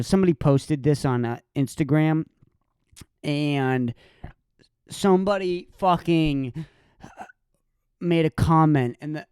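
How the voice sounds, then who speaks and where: A young man hosting a solo podcast, ranting with profanity and sarcasm, breaking into sudden shouts. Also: a little high, smooth, no room sound, studio quality. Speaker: podcast host.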